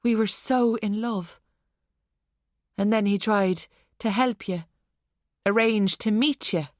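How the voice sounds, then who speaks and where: A woman voicing an unhinged young woman who talks about murder with a mocking calm. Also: medium pitch, takes it slowly, no echo, clean studio sound, natural voice. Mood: coldly menacing. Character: unhinged young Irish woman, cold and menacing.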